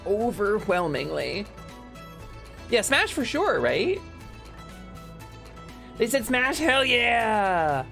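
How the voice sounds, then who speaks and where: A young woman streaming a video game, chatting casually with her viewers, joking around and yelling playful bits. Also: medium pitch, very slow, vocal fry, long pauses, faint music behind. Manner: animated, joking, shouts bits and laughs often.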